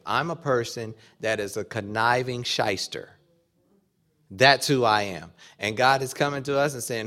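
A man delivers an animated sermon in a church or conference hall. His voice sits in an ordinary middle range, and he moves between building emphasis and quiet asides as he acts out short quoted exchanges. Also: mid-range voice, moderate pace. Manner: animated preaching, acting out quoted dialogue. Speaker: preacher.

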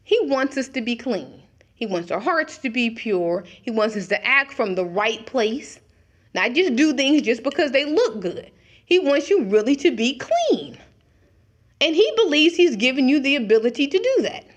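A woman's voice: high-pitched, very animated, normal speed. A middle-aged woman preaching a conversational sermon, acting out little dialogues as she talks.

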